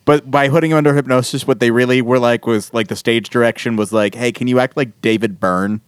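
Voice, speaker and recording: A man chats loosely on a podcast, retelling an episode and slipping into the characters' voices, cursing along the way. His voice is smooth and resonant, in a medium pitch. The sound is dry and close. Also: steady tone, fairly quick, no room sound. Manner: rambling, profane, acts out characters' lines. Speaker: podcast co-host. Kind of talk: casual chat recapping a TV episode.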